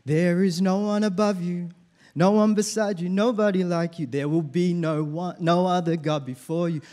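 A man's voice: sits high, steady tone, normal speed, dark tone. A man preaching a sermon in church, leading the congregation in call-and-response. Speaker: pastor.

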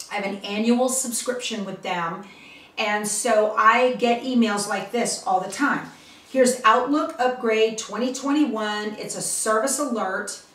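A middle-aged woman hosts a casual online-safety tutorial on her channel, chatty and emphatic, often checking in with "okay?" and "all right?". Her voice is medium-pitched and a bit bright, recorded far from the mic in a roomy space.

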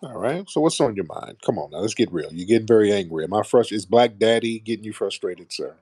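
A man's voice: fairly low pitch, animated, brisk, a little mellow, slightly rough, no echo, studio quality. A man hosting a call-in show, sarcastic and combative, trading insults with callers and calling them sir.

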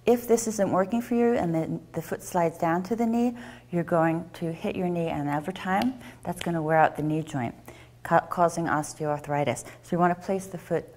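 Woman yoga teacher, kinda low voice, gentle encouraging cues. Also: normal speed. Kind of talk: instructional yoga class.

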